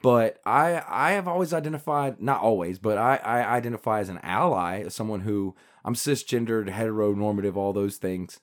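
A man's voice: on the low side, normal speed, hardly any pauses. A man from the States, co-hosting a podcast in rambling, self-deprecating casual chat. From Southern United States. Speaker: podcast co-host.

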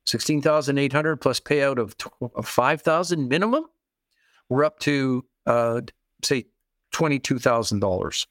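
A man's voice: medium pitch, animated, unhurried, fairly bright tone, no echo, clean studio sound. A man guest explaining investing strategies in an interview, repeating key phrases and acting out the people in his examples. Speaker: real estate investing guest expert.

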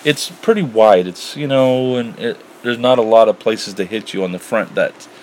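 A man with a somewhat low voice talks casually and haltingly, agreeing often and searching for words. A faint hiss of noise sits under the recording. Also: poor audio. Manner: halting, lots of "you know" and "right", soft-spoken. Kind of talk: casual candid chat.

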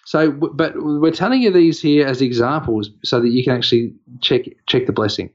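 A man's voice: mid-range voice, a little fast. Picture an Australian man spinning a long anecdote in casual chat, voice sitting in a middling register. He wanders, restarts and fills gaps with "um" as he goes. The sound is a little dull and lo-fi. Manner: rambling anecdotal, many fillers and restarts. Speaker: podcast co-host.

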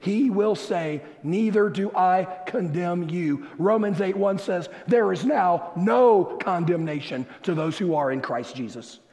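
A male pastor delivers his sermon at a deliberate, unhurried pace, leaning on key words and then dropping to hushed, low phrases. His voice sits somewhat high for a man. The long reverb of a large church hall trails after each line. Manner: slow, emphatic preaching with dramatic drops to soft low tones.

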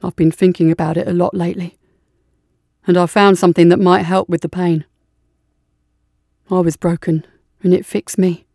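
A woman's voice: fairly low pitch, level tone, normal speed, vocal fry, long pauses, warm tone, no room sound, clean studio sound. A woman voicing a nihilistic male scout captain who talks with intense, urgent persuasion. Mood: confiding.

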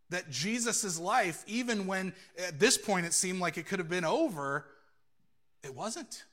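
High-voiced man preaching a sermon. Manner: animated storytelling, acting out quoted voices. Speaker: pastor.

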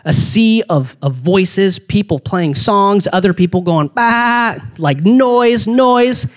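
Energetic rambling young male youth pastor. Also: high-pitched, slow. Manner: energetic, rambling, slangy with many restarts. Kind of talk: casual youth sermon.

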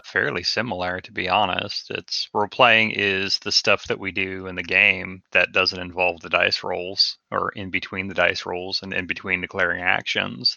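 A man's voice: low voice, vocal fry, pushed and bright, no room sound. A man in a casual podcast chat, hesitant and self-deprecating with many fillers. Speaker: podcast co-host. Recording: dull, slightly lo-fi dry sound.

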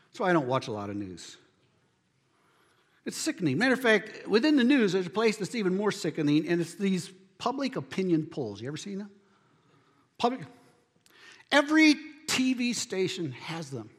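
A man preaching a sermon as pastor, building to emphatic near-shouts on key lines. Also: high-pitched, in a large hall.

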